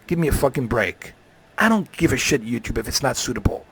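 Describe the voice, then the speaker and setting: A man's voice: medium pitch, animated, brisk, slightly rough. A man ranting on a live stream, heated and profane, swearing freely.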